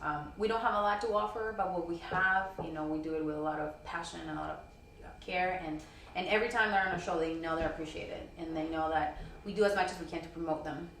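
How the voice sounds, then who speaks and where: A woman's voice: lowish voice, fast talker, fairly bright tone, slight background noise. A woman being interviewed as a wrestling promoter and wrestler, chatting casually and filling her talk with "you know" and "girl". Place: convention hall. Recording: roomy echo from a distant mic.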